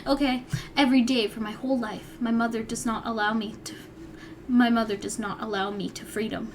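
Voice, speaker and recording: A woman's voice: fairly high pitch, fairly even intonation, a little fast, slight background noise. A young woman vlogger reading her old story aloud and breaking off for wry, chatty asides. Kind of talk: reading aloud with casual commentary.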